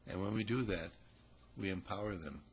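A man with a gravelly, husky voice telling a folksy, chatty parable to listeners. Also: low voice, moderate pace. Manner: folksy, chatty, acts out characters. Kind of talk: conversational storytelling talk.

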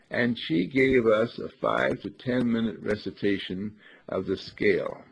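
Husky, gravelly man giving a speech lesson. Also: on the low side, lively intonation. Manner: earnest, deliberate, frequent throat clearing and restarts. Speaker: speech teacher. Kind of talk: instructive talk on clear speech. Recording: dull lo-fi recording.

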